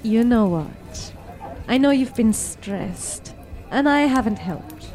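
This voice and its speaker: A woman voicing a young woman, a fiancée, speaking softly and intimately, sometimes near a whisper. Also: on the high side, expressive, slow pace, faint music behind. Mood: tender.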